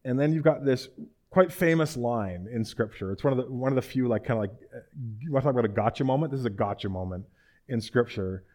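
Chatty preacher retelling scripture. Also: male voice, medium pitch, fast, a little mellow. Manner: chatty, asks listeners rhetorical questions. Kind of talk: conversational sermon retelling scripture.

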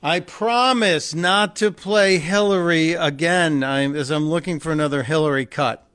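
A man's voice: a little high, a little slow, a bit bright, clear, resonant tone, dry recording. A man hosting a talk radio show and taking calls, chatty and jokey, often stumbling and repeating words. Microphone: studio microphone.

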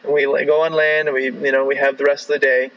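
A man's voice: mid-range voice, flat delivery, quick pace, muffled recording. A man from Canada telling a long travel story in a casual, rambling way, full of "like" and "right?".

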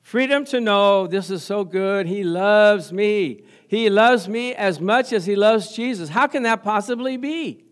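A male pastor preaching an energetic sermon, often laughing and asking his congregation questions. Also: high voice, a little slow, hardly any pauses.

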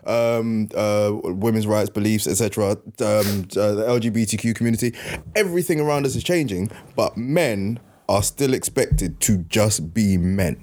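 A man's voice: on the low side, normal speed, hardly any pauses, darkish tone. Reflective man in casual chat. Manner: reflective, open about feelings.

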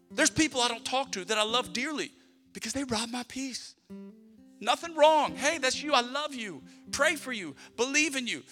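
A middle-aged male pastor preaching a conversational sermon, acting out prayers and family moments as he talks. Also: sits high. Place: church sanctuary. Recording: long hall reverb with soft music.

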